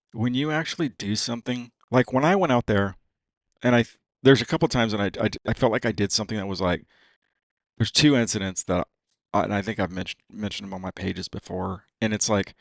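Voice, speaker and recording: A man's voice: fairly low pitch, fairly quick, creaky, no echo. A man talking as a guest on a podcast, casual and profane, saying "dude" all the time. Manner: profane, says "dude" constantly. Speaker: racing driver guest. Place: podcast studio.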